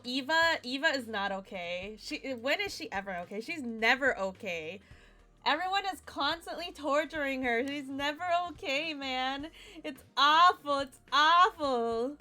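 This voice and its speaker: A young woman streaming a game, chatty and excitable, with a voice still rough from a nap. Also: a little high. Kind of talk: casual game commentary.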